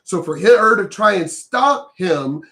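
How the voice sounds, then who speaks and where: Angry high-voiced man ranting. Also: expressive, takes it slowly. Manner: heated, profane, emphatic, sometimes shouting. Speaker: reaction commentator. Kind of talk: ranting reaction commentary.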